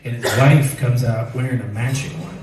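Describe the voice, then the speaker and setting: A man's voice: mid-range voice, steady tone, normal speed, heavy reverb, far from the mic, background noise. A man telling a profane, rambling personal story and laughing through it. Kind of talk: live storytelling.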